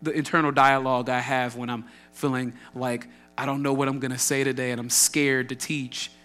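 A man's voice: medium pitch, moderate pace, a bit bright, soft background music. A man preaching a sermon, emphatic, asking rhetorical questions and acting out quotes.

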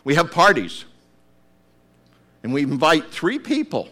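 A man preaching a sermon, acting out voices and breaking into shouted calls to get up. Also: fairly high pitch, huge pitch swings, measured pace.

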